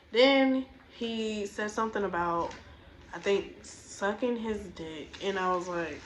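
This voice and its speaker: A woman's voice: mid-range voice, a little hiss or hum, rough recording. A young woman telling a storytime tale in a blunt, exasperated, profane way. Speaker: storytime vlogger. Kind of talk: casual storytime rant.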